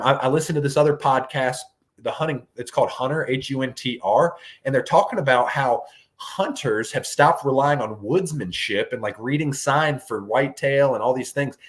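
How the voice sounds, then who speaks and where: Animated rambling man on a podcast. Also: medium pitch, fairly quick. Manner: animated, rambling, says "dude" a lot. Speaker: fishing guide and podcast host. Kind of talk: casual podcast chat.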